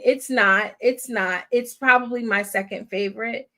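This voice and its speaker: A woman's voice: on the high side, fairly even intonation, a little slow, sharp tone. A woman hosting a movie watch-party live stream, chatting casually and effusively and laughing often.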